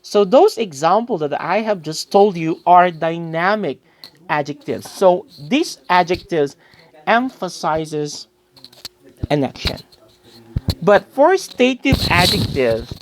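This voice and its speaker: Female English teacher, young adult, unhurried delivery with a lively rise and fall, keeps quizzing the class. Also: on the low side, a little hiss or hum. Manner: explains with quiz-like questions and addresses listeners as guys. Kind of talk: recorded grammar lesson.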